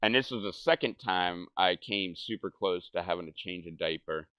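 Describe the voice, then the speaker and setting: A man's voice: sits low, normal speed, clean tone, dry recording, muffled recording. A young man casually telling a rambling, profane story over gameplay, laughing and mimicking the people he quotes.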